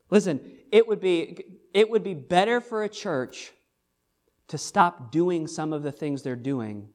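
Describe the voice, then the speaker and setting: A man, a pastor, preaching a sermon in a church, earnest and emphatic, repeating phrases and asking rhetorical questions. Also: fairly high pitch.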